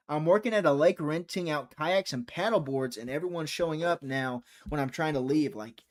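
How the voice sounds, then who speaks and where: A man's voice: on the high side, lively intonation, a little fast. Chatty young man hosting a fight stream. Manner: chatty, teasing, reads viewer chat aloud. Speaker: live stream host. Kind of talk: casual live-stream fight commentary.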